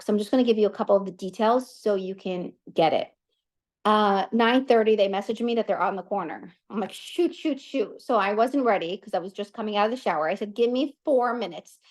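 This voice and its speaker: A chatty woman telling a personal story to a class, full of asides, restarts and quick plugs. Her pitch sits in an ordinary middle range, and she keeps things animated and casual throughout. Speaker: guest speaker.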